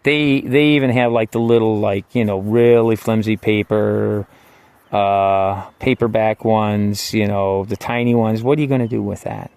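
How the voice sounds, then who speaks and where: A man's voice: fairly low pitch, steady tone, unhurried, clear, resonant tone, no room sound. A man casually recounting his own time in jail, rambling, profane and wry, with lots of filler words. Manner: rambling and profane, full of "like" and "you know"; wry, swings between quiet asides and heated outbursts. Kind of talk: casual spoken personal story.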